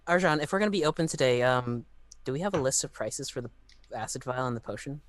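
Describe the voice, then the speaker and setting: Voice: medium pitch, fast. A tabletop game player who sounds laid-back and joking. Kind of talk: casual tabletop game play.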